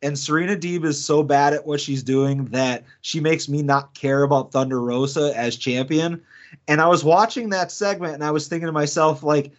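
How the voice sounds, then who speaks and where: Male podcast co-host, rambling casual talker, slightly higher voice, muffled lo-fi audio. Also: steady tone, normal speed. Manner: rambling, many fillers and restarts. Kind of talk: casual chat. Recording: dull lo-fi sound.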